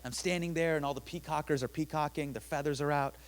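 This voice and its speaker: A young man telling a self-deprecating personal story on a theater stage, animated and with sudden loud bursts. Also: fairly high pitch, quick pace.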